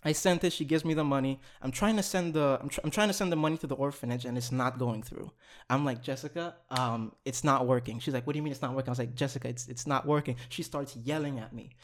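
A young man casually telling a long story on a podcast, animated, swearing and laughing as he goes. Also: medium pitch, quick pace.

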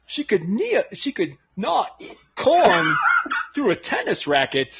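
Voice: mid-range voice, huge pitch swings, takes it slowly, gravelly. Podcast co-host, crude jokes, frequent laughter, dull lo-fi sound. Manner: joking, laughs often. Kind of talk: crude casual chat. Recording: dull lo-fi audio with faint noise.

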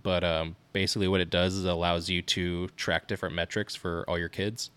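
A man in his thirties, co-hosting a parenting podcast in casual chat, telling animated stories with laughs. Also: sits low, a little fast, smooth, no room sound. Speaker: podcast co-host.

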